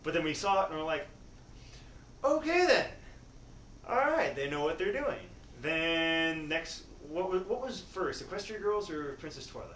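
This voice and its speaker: A man talking casually as a guest, animated and laughing often. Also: a little high, normal speed, hardly any pauses, far from the mic, slight background noise. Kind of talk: casual chat. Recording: echoey room, voice from off-mic.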